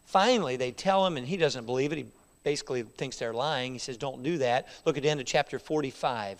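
A man preaching a sermon, retelling a scripture story with dramatic swings between loud, raised delivery and hushed, quiet lines. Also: medium pitch, fairly quick. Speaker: pastor. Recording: reverberant hall.

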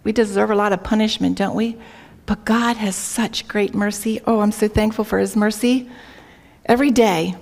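A woman with a steady, mid-range, gravelly, slightly mellow voice speaks at a moderate pace to a women's group. Her earnest devotional talk includes an anecdote and scripture, with frequent questions to listeners, captured on a worn microphone.

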